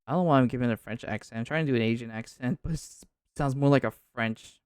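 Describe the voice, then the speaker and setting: A man's voice: mid-range voice, fast, darkish tone, a little hiss or hum. A man streaming a game, making casual, chatty asides. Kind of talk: live game playthrough chat. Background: game music.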